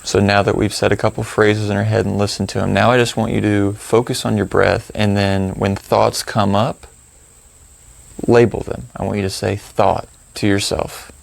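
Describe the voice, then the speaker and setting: Gravelly low-voiced male meditation guide. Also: flat delivery, no room sound. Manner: slow, gentle, instructive.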